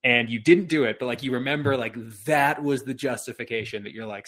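A man's voice: medium pitch, a little fast, fairly bright tone. A man co-hosting a podcast, asking questions with a teasing, wry edge. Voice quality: teasing, wry, laughs often. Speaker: podcast co-host. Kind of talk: casual chat, interviewing.

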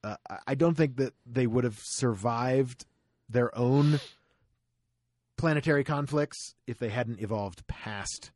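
A man's voice: medium pitch, a little slow, a little mellow, no room sound, clean studio sound. Joking man co-hosting a podcast. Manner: jokey, laughs often, rattles off outro plugs. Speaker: podcast co-host. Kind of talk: casual podcast banter.

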